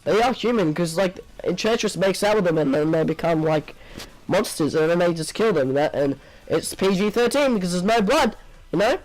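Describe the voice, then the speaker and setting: A man's voice: high voice, expressive, brisk, a little mellow, poor audio. A man giving a casual spoken movie review, rambling and exasperated, packing his talk with filler words.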